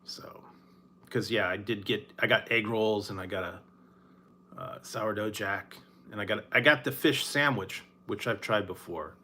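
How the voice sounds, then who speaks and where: Laid-back rambling man, bright voice. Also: on the low side, measured pace, slight background noise. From Northern California. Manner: rambling, laughs often, sighs. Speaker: food reviewer. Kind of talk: casual late-night chat.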